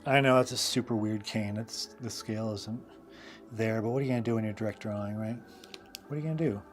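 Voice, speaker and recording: A man's voice: on the low side, fast talker, soft background music. A man hosting a live drawing stream, telling casual stories in a loose, rambling way full of fillers and asides. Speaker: host and illustrator.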